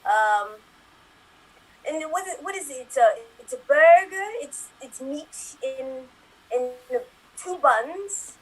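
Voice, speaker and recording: A woman voicing a sheltered, bewildered elderly royal man in a put-on upper-class English accent, hesitant and halting in an improv comedy scene. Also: sits high, animated, low-quality recording. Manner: hesitant, full of ums and halting restarts. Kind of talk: improv comedy scene over video call.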